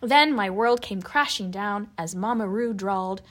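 A woman co-host tells stories in a casual, animated way and laughs often. Her voice is bright and clear, and her pitch swings widely as she gets into a tale. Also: normal speed. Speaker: podcast co-host. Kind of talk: casual chat, reading listener stories aloud.

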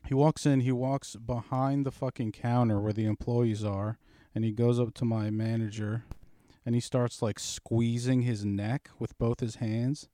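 Man, swearing, teasing storyteller; middle pitch, dry close mic. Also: little pitch movement, a little slow, mellow, dry recording. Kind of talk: casual podcast chat.

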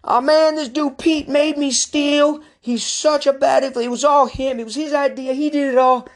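A man voicing a whiny, crying teenage boy who blames everyone else, in a high bawling whine. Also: fairly even intonation, moderate pace. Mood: whining.

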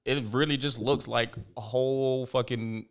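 A man, co-hosting a casual podcast chat, telling loose, profane, animated stories. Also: medium pitch, normal speed, clear, resonant tone. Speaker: podcast co-host.

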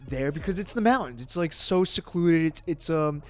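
A man, a podcast guest, telling a personal story in casual talk, animated, with lots of fillers and swearing. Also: a little high, moderate pace, soft background music.

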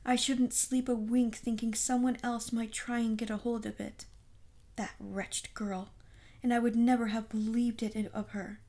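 A woman's voice: on the high side, little pitch movement, moderate pace, warm tone, close to an everyday voice. Brief: woman playing a wealthy, fretting middle-aged wife, raised emphatic delivery. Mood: anxious. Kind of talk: audiobook character reading.

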